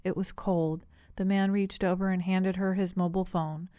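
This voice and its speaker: A woman narrates an audiobook in a measured, even storytelling manner, her voice on the low side. The scripted narration is studio quality with no echo.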